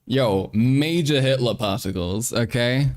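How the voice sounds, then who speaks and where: A man's voice: medium pitch, measured pace, a little mellow, dry recording, studio quality. A man live-streaming casual commentary, joking and swearing as he reacts to a video. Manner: joking, swearing, switches into mock French.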